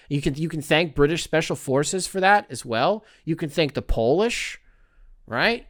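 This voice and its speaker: A man's voice: fairly high pitch, lively intonation, moderate pace, no room sound, studio quality. A man hosting his own podcast, talking alone in a rambling, profane, tongue-in-cheek way. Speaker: podcast host. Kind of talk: casual solo commentary.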